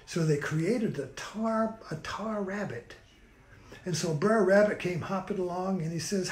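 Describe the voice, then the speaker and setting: A man with a fairly high voice giving a loose, rambling spiritual talk, forever tagging on "you see" and "you know". His voice echoes around a roomy space. He sounds unhurried and conversational. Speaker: spiritual teacher. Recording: roomy echo.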